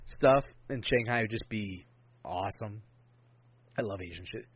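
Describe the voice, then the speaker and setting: A man's voice: on the low side, moderate pace, husky, dry recording, muffled recording. A man in casual podcast chat, rambling and swearing freely with lots of enthusiasm.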